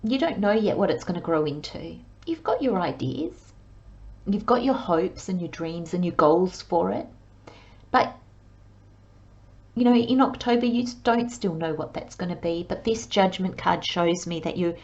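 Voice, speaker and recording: Woman, tarot reader, unhurried, rambling, a bit muffled. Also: on the low side, a little mellow. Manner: chatty, acts out worried inner voices, frequent fillers. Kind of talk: monthly tarot reading monologue.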